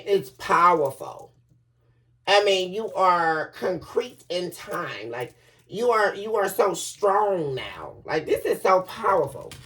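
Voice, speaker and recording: A woman's voice: fairly low pitch, distant mic. A woman giving a collective tarot reading, chatty and emphatic, laughing often and calling her viewers baby. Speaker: tarot reader.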